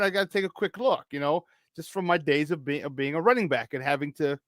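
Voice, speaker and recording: A man's voice: high-pitched, a bit bright, no room sound, studio quality. A man co-hosting a morning sports talk show, telling a story in casual chat and acting out the people in it. He swears casually and restarts his sentences often.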